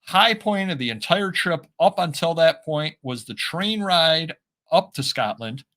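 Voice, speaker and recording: A man co-hosting a casual live stream, rambling with many fillers and pauses. His speech is slightly slurred, and his voice sits a little higher than most men's. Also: expressive, fairly bright tone. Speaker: co-host of a reselling show.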